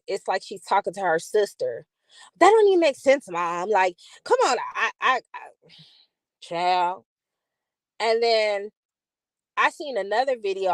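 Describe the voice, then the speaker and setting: Talking right to her viewers, a channel host gives animated, chatty commentary to a live chat. Her mid-range voice comes across dry and close, with no room sound at all.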